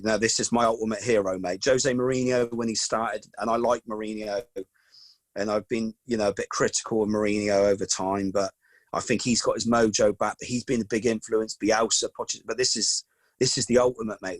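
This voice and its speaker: A man in his forties, swapping casual stories as a guest, full of "mate" and "you know what I mean". His voice is mid-pitched and sits close and dry, with hardly any room around it. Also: no echo. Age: 40s. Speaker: podcast guest, football coach. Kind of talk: casual storytelling chat.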